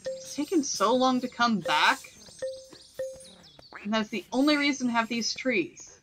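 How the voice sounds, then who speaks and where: A woman's voice: on the high side, expressive, unhurried, fairly bright tone, faint music behind. A woman streaming a video game, chatting casually to herself and scolding the creatures on screen. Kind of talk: casual gameplay commentary.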